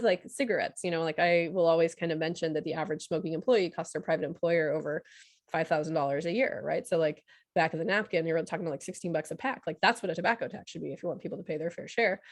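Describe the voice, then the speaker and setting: A woman ICU doctor giving a casual, chatty talk full of fillers and quick laughs, over a video call. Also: on the low side, no room sound, clean studio sound.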